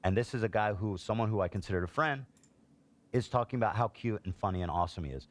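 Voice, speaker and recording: Deep-voiced male streamer, indignant political ranting, reads posts aloud and reacts. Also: quick pace. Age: adult, a parent. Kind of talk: heated political commentary.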